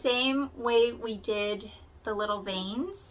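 Against a noisy background, a woman speaks slowly in a higher-pitched voice as she leads a relaxed crafting tutorial. She talks to the viewer as she works, chatty and quick to make fun of herself.

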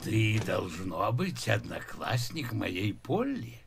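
An actor voicing a stocky, courteous old grandfather in a wheelchair in a video game, speaking in slow, measured explanations. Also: on the low side, big pitch swings, vocal fry, slight background noise, exaggerated voice. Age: older. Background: game music.

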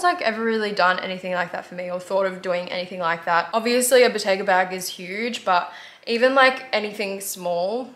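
A woman's voice: medium pitch, a bit bright, slight background noise. A young woman in her twenties with an Australian accent, telling a rambling story to camera in a casual vlog, full of "like" fillers. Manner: fast rambling with frequent "like" fillers. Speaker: vlogger.

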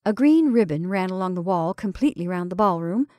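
A woman reading a classic short story aloud in a measured, expressive storytelling style. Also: fairly low pitch, no echo. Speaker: story reader. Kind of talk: scripted storytelling narration.

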